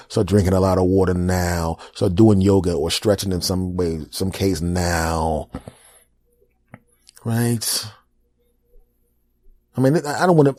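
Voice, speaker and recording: A man in his forties hosting a podcast, delivering a profane, animated comedic monologue. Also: low-pitched, moderate pace, dry recording. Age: 40s. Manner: animated, profane ranting storyteller. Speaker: podcast host.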